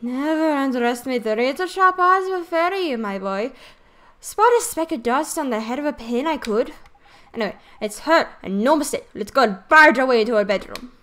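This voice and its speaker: A brash, bossy little fairy man, as a woman puts him on for a game squawks high and loud. He calls people blockheads and swings his voice up sharply. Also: animated, a little fast. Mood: boastful. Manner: brash, exclaiming, slangy. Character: cheeky, bossy little male fairy sidekick. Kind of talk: reading game dialogue aloud.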